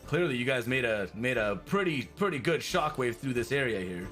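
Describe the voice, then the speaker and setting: A man narrating a tabletop game as game master, an animated storyteller full of fillers who laughs easily. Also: medium pitch, fairly quick, soft background music.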